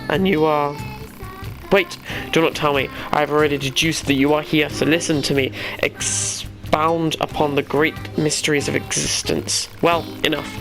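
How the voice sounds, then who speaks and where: A man's voice: on the high side, vocal fry, low-quality recording. A man putting on a pompous robot philosopher. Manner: lofty, long-winded lecturing.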